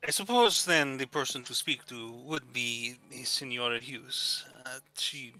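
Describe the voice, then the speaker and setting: A man's voice: medium pitch, slow pace, sharp tone, rough recording. A man playing a tabletop game, talking hesitantly and restarting his phrases. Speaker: player. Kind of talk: casual tabletop play.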